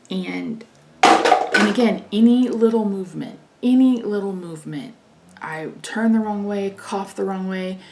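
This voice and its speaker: A woman's voice: mid-range voice, vocal fry, darkish tone, slight background noise. A woman vlogger chatting casually while doing her makeup, telling stories and acting out what people said. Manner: chatty storytelling, frequent laughs, acts out dialogue. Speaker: beauty vlogger. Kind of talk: casual get-ready-with-me chat. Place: home, indoors.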